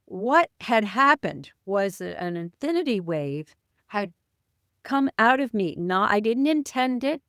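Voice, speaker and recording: A woman telling a personal story as an interview guest, her voice sitting at a middle pitch. She is a vivid storyteller who drops playful sound words and clears her throat now and then. The sound is close and dry, with no room echo. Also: sing-song, measured pace, a bit bright. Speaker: spiritual teacher, guest.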